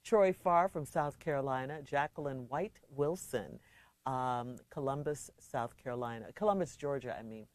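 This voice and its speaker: A middle-aged woman from Chicago co-hosting a radio show, chatting playfully with laughs, reading listener shout-outs and an advice letter. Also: rumbling low, moderate pace, no room sound. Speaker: radio co-host giving advice. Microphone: studio microphone.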